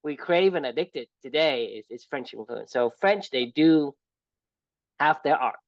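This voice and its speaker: A man from Vietnam talks in a halting, reflective way, breaking off and restarting his sentences. His pitch is middling. The recording is dry but a little dull and lo-fi. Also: expressive, dry recording. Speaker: podcast co-host. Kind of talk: casual chat.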